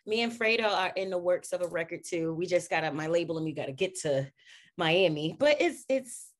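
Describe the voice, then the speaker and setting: A young adult woman, an R&B singer, chatting casually in an interview, animated and goofy, slipping into playful voices. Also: lowish voice, a little fast.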